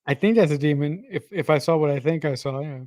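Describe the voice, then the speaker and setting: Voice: mid-range voice, fast talker, darkish tone, dry recording. A podcast host giving casual reaction commentary during an episode, exclaiming and laughing a lot, and stumbling and restarting when explaining plot points. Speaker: watch-along podcast host.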